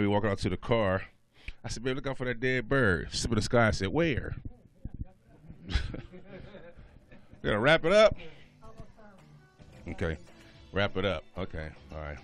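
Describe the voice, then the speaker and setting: A man's voice: deep voice, a bit bright. A male comedian telling a loose, slangy stand-up story on a radio show.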